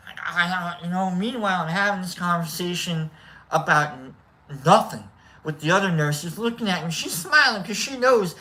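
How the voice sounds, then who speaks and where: Chatty livestream host, a man with a bright voice, rambling and self-mocking. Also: high voice, moderate pace, rough recording. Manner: rambling, self-deprecating, jokey. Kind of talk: casual livestream storytelling.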